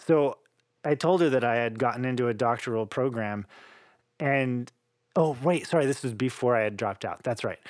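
A man, a cellist, telling his story in a casual interview with animated, laughing delivery. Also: mid-range voice, no echo.

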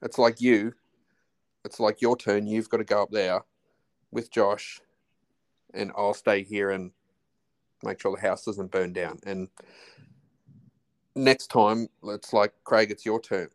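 An Australian man in his forties talks casually as a podcast guest. His voice sits low, and he circles his points with restarts and trailing half-phrases. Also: level tone, slow pace, pauses often. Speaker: podcast guest, husband of host. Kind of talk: casual chat.

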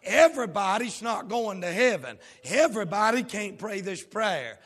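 High-voiced, fervent preacher man. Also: lively intonation, normal speed. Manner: fervent, with sudden whoops and shouted emphasis; drawls key words, frequent "uh" fillers. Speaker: pastor. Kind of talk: sermon with opening prayer. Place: church sanctuary. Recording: long hall reverb.

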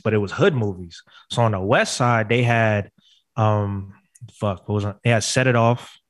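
A man's voice: fairly low pitch, dry recording, clean studio sound. A man co-hosting a casual chat, laid-back and teasing his friends. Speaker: podcast co-host.

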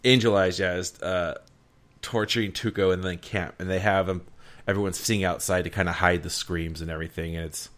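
A man's voice: deep voice, steady tone, a little fast, fairly bright tone. A man co-hosting a casual movie podcast, laid-back and laughing often as he talks. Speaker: podcast co-host.

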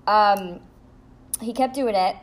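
A young woman telling a storytime vlog at home in a blunt, profane, animated way. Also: medium pitch, slow. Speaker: vlogger. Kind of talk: storytime monologue.

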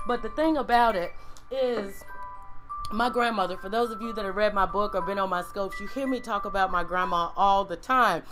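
A woman's voice: mid-range voice, normal speed, music in the background. A woman pastor leading a casual livestream Bible lesson, talking straight to her viewers in an emotional, conversational way, with frequent "y'all"s and hums.

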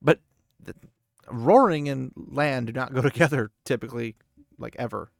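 A man's voice: medium pitch, normal speed, creaky, dry recording, clean studio sound. A man hosting a podcast, recapping a book chapter casually, rambling and thinking aloud with many fillers. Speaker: podcast host.

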